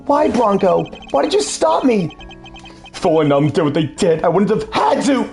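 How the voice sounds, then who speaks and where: A man voicing a cornered ringmaster villain in a fan game dub, screaming in shrill panic. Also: sing-song, normal speed, creaky, darkish tone, heavily acted. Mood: desperate. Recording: faint game music behind.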